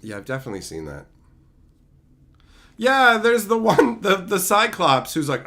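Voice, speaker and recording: A man with a notably high voice hosts a casual livestream. He answers viewer chat and tears into old movies with animated, profanity-laden rants. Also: moderate pace, creaky, long pauses. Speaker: streamer.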